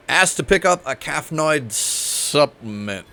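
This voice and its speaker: A man's voice: a little high, creaky, pushed and bright. A man streaming a video game, laughing and making mocking asides to the characters. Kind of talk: gameplay commentary.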